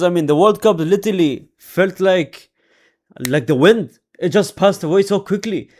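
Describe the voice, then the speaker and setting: A young man hosting a casual football predictions vlog, animated, repeatedly addressing his audience as ladies and gentlemen. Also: high-pitched, moderate pace. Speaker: football vlogger.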